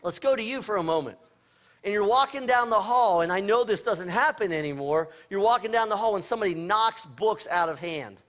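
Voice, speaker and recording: A man's voice: high voice, animated, a little fast, fairly bright tone. A man preaching a sermon as pastor, telling everyday stories in a conversational way with playful humor. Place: church sanctuary.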